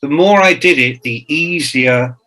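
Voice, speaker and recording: Male guest in his 60s, swears freely, acts out quotes, bright crisp tone; fits an interview guest. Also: fairly high pitch, measured pace, rough recording. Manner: profane, jokey storyteller who acts out quotes. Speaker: author and guest. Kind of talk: anecdotal interview talk.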